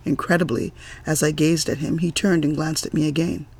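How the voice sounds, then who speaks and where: A man reading a novel aloud in an amateur audiobook, with occasional stumbles and restarts. His voice is gravelly and husky, pitched somewhat high for a man. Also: flat delivery, fairly quick. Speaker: audiobook reader.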